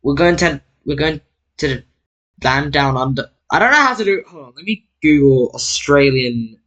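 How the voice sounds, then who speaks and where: A man's voice: on the high side, animated, normal speed, fairly bright tone, dull audio. A man casually narrating a map-drawing video, rambling and correcting himself with jokey asides. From Britain. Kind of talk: casual narration over screen recording.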